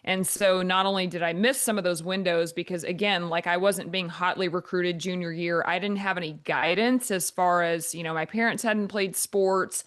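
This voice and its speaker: A woman in her forties, a volleyball coach, answering podcast interview questions in long, rambling answers with a naturally monotone voice. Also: on the low side, normal speed, hardly any pauses. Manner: talks in long flowing answers with many fillers.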